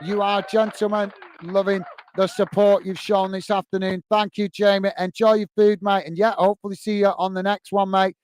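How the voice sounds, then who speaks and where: A man's voice: high voice, flat delivery, a little fast, hardly any pauses, a little mellow, clear, resonant tone. A man hosting a live football watch-along stream. He rants passionately and chats with viewers, calling them mate, between bits of match commentary. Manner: passionate, ranting, chatty, addresses viewers as mate.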